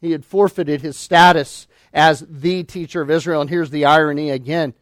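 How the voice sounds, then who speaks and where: A man preaching a sermon, emphatic, asking rhetorical questions and swinging between loud declarations and hushed asides. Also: on the high side, steady tone, moderate pace, no echo, studio quality. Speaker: pastor.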